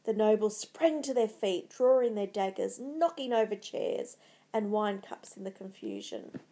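A woman narrating a storybook in a dramatic, measured way. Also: mid-range voice, very animated, dark tone.

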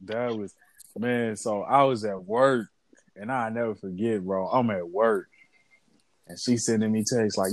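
A man telling a story in casual chat, lively and animated, acting out quotes. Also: lowish voice, a little slow, dry recording.

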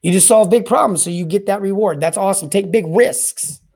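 A man hosting a solo podcast on plumbing service and sales, talking in a rambling, energetic way that often repeats and restarts words. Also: high voice, a little fast, vocal fry. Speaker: podcast host.

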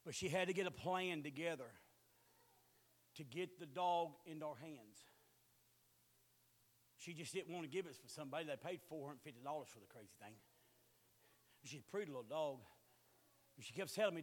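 A high-pitched man in his sixties preaching a sermon. He tells homely stories in a folksy drawl, then climbs into loud, hollering exclamations. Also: moderate pace, pauses often.

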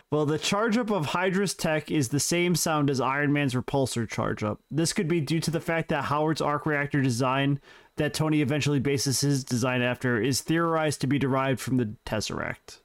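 A man's voice: on the high side, moderate pace. A man co-hosting a podcast, reading prepared facts in casual, joking banter with his co-host. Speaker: podcast co-host presenting trivia.

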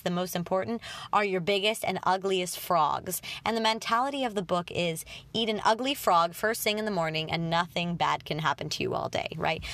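With a medium-pitched, slightly bright voice, this twenty-something podcast host talks through self-help topics casually, poking fun at herself and using lots of fillers.

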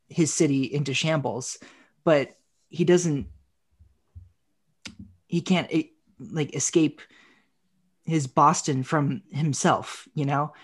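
A man co-hosting a film podcast, speaking casually and deliberately, stretching out phrases as he makes his point. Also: on the high side. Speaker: podcast co-host. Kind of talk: casual film review chat.

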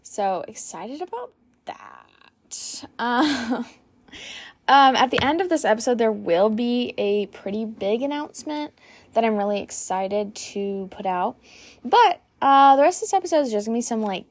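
A young woman hosting her own solo podcast, chatting casually in a hyped-up, giggly, rambling way. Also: a little high. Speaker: podcast host.

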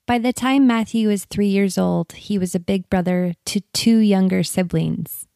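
A woman giving scripted documentary narration in a measured, even way. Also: medium pitch, creaky, dry recording, clean studio sound.

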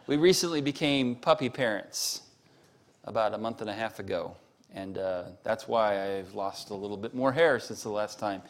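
A man's voice: on the low side, normal speed. A man preaching a sermon as pastor, telling stories to the congregation and building to emphatic peaks. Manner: preaching with rising emphatic peaks and story asides; addresses congregation with show-of-hands questions.

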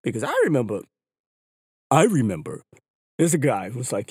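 A man hosting a podcast, talking casually and at length in an animated, slangy way, often repeating words. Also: medium pitch, moderate pace, pauses often, breathy edge, dry recording, studio quality. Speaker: podcast host. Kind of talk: casual opinion monologue. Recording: hip hop music underneath. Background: hip hop music.

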